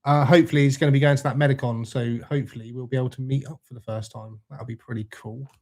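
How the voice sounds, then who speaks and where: A man's voice: mid-range voice, fairly even intonation, fast, a little mellow. A young man hosting a casual livestream, greeting viewers by name, laid-back and swearing freely. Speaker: livestream host reading chat. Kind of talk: casual live chat.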